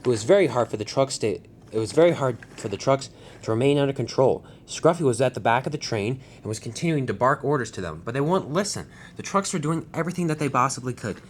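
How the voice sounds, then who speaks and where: A man tells a toy train story in a plain storybook manner, his pitch moving a lot. He sometimes trips and restarts a sentence. A faint low hum sits behind him. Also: animated, fast talker. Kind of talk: storybook narration.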